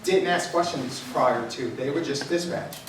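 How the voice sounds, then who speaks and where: A man's voice: on the high side, a little slow, slight background noise. Reassuring man in an echoey hall. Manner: earnest, reassuring, repeats words. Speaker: police official answering residents. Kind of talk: public meeting response. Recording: echoey hall, distant mic.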